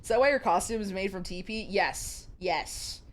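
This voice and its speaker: A woman's voice: medium pitch, normal speed. A young woman streaming live, reading a romance novel aloud to her chat with giggly, chatty asides.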